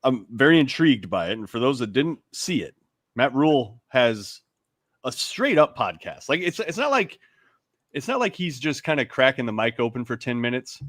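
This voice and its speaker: Animated, lively-pitched man talking sports. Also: moderate pace, dry recording, clean studio sound. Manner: animated, laughing, rambling with restarts. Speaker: sports radio co-host. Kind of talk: casual sports talk.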